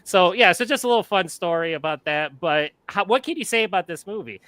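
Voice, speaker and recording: A man's voice: sits high, expressive, a little fast, sharp tone, no room sound. A man co-hosting a casual movie chat, enthusiastic and rambling, with many restarts. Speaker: podcast co-host.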